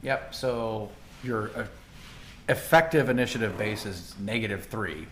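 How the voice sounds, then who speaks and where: A man serves as game master for a tabletop role-playing game, narrating with lots of expression. His voice sits on the low side and is fairly bright, his pace unhurried, with a slight hiss or hum present.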